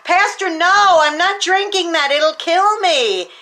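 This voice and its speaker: A woman's voice: extremely high pitch, slow pace, pushed and bright, pitched above the performer's own voice, heavily acted. A woman voicing an alarmed teenage boy who pleads in a panic.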